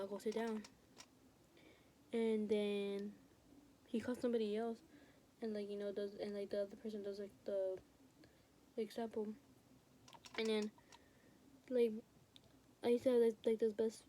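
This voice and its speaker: Recording on a phone at home as she does her nails, a teenage vlogger rambles through a casual story about school, leaning heavily on "like" and "you know." She sounds mellow and on the high side, with slight background noise.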